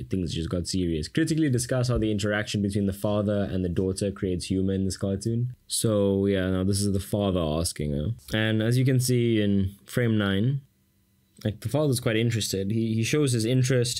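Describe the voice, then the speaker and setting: A man's voice: fairly low pitch, warm tone. A man from South Africa with a South African accent, giving a casual exam-prep lesson as a tutor with sarcastic, jokey asides to the viewer.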